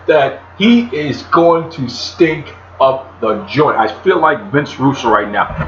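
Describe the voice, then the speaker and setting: A man hosting a solo podcast in a chatty, animated way, talking about himself by name. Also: mid-range voice, measured pace, few pauses, a little hiss or hum. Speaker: podcast host. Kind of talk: solo wrestling podcast talk. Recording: roomy, dull lo-fi home recording.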